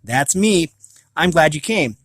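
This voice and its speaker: A woman's voice: deep voice, expressive, takes it slowly, dry recording, exaggerated voice. A man voicing a hurt, bewildered teenage girl at a school dance, lifting his voice for her. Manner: soft, lame, bewildered replies.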